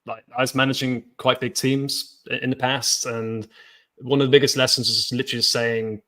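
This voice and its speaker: A man hosting a podcast interview, speaking in a measured way as he agrees and asks questions. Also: mid-range voice, little pitch movement, bright, forceful tone. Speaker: podcast host.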